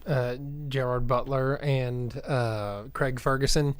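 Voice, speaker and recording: A man co-hosting a casual chat, joking and telling quick anecdotes. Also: medium pitch, fairly even intonation, clean tone. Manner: joking, storytelling banter. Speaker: podcast co-host.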